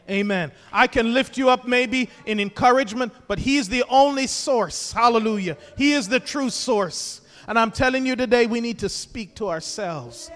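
A pastor preaching a fervent sermon in a church sanctuary, his voice unusually high for a man. He shifts between quiet, close moments and loud, rising exhortations, with hallelujahs between them. His words ring out with a long, echoing hall reverb. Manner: impassioned, swinging from hushed to loud exhortation; repetitive call-and-response preaching with hallelujahs.

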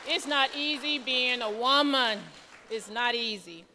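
Woman lay preacher, bright higher voice, nervous storyteller, church reverb. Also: measured pace, a faint crowd, a little hiss or hum. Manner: nervous, chatty storytelling with lively quoted voices. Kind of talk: testimony sermon.

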